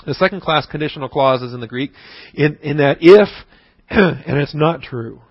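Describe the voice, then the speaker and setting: A man's voice: fairly high pitch, moderate pace, slightly rough, no room sound, lo-fi sound. A man giving a conversational, emphatic sermon-style Bible lesson with frequent restarts. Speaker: Bible teacher.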